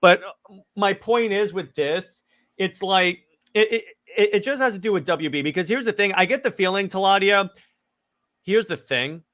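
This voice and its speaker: A man co-hosting a podcast, talking excitedly in casual chat, rambling with lots of restarts and stammers. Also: high voice, moderate pace. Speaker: podcast co-host.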